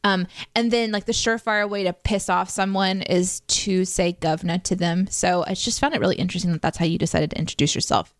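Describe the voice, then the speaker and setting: A woman from the United States chatting as a co-host, wry and a bit halting. Her voice sits low for a woman, and the recording is dry and close. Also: fairly even intonation, dry recording. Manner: wry, hesitant, drifts into mock innocence. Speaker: podcast co-host. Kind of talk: casual chat.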